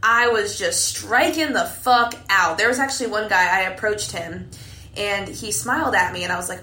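A woman's voice: medium pitch, normal speed. Profane, chatty young woman, echoey room. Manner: candid, profane, animated storytelling with frequent "like". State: a few drinks in. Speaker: podcast host. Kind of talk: casual monologue.

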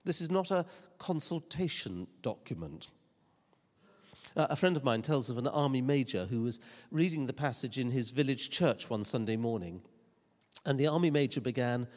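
Animated preacher in a reverberant church. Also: male voice, medium pitch, normal speed. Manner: earnest, emphatic preaching with rhetorical questions and dry humor. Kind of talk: sermon.

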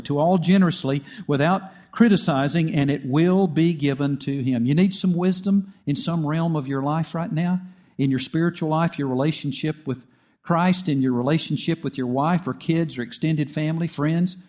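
A man's voice: fairly high pitch, moderate pace, dark tone. A man preaching a sermon earnestly, often repeating phrases and restarting with small fillers. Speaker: pastor.

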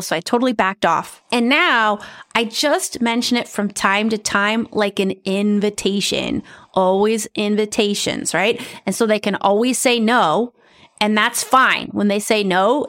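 A middle-aged woman who hosts a podcast as a medium, telling personal stories in a chatty, animated way. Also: mid-range voice. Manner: chatty, animated, says right and you guys. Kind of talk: casual storytelling.

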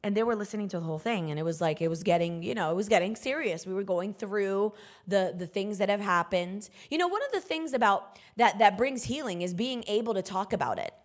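A woman preacher giving an emphatic sermon, breaking into bursts of loud exhortation. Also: medium pitch, animated, fairly quick.

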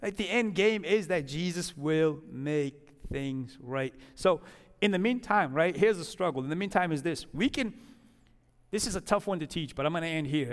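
A man with a high voice preaches in a casual, conversational way, building into a fervent prayer. His voice rings with a long hall reverb in a church. He sounds middle-aged and speaks as a pastor to his congregation. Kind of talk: sermon and closing prayer.

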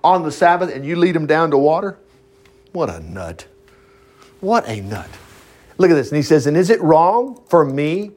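Animated male Bible teacher, chatty reading with asides, somewhat high, very expressive. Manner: animated, breaks into asides and acted-out voices. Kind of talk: informal Bible reading with commentary.

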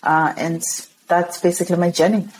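A woman from Zimbabwe, a podcast guest, telling her story in an animated way and laughing often. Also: on the low side, moderate pace, slight background noise, low-quality recording.

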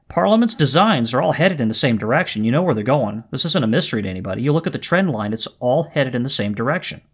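A man hosting a podcast, commenting on a historical letter in a fired-up, animated way. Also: mid-range voice. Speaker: podcast host.

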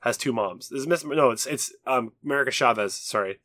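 Young male podcast co-host, bright tone, dry close mic, casual and profane. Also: mid-range voice, fairly quick, dry recording. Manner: laughs often, swears casually. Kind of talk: casual chat.

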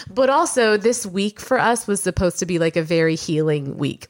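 Woman, 30s, podcast co-host. Low voice, chatty and candid, swears easily. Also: normal speed, hardly any pauses. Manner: chatty, swears freely, many fillers. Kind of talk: candid personal storytelling.

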